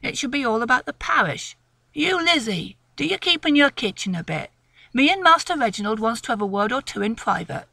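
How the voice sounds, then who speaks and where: Gruff old rural woodman near eighty, country dialect, dry close sound, read by a woman. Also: a little high, sharp tone, no room sound, heavily acted. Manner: country dialect speech, grumbling.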